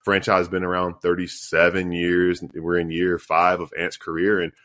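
Man, very deep voice, casual basketball podcast chat, playful. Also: completely flat delivery, moderate pace, fairly bright tone. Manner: chatty, playful quizzing. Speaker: podcast co-host.

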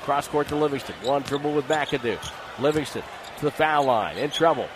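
A man calling live basketball play-by-play in rapid clipped phrases, rising to shouts on big plays. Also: mid-range voice. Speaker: play-by-play announcer. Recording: broadcast with arena noise behind. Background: arena crowd and ball bounces.

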